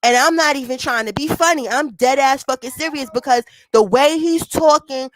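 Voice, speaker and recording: A woman's voice: high voice, normal speed, no room sound, poor audio. Blunt profane woman doing reaction commentary. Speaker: commentary streamer.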